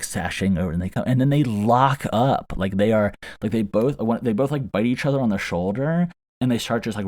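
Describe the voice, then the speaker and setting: Using a lowish, slightly mellow voice, a man hosts a podcast and rambles through a funny story, amused, with many fillers and restarts. A close studio mic inside a small foam-lined box yields a very dry, close booth sound.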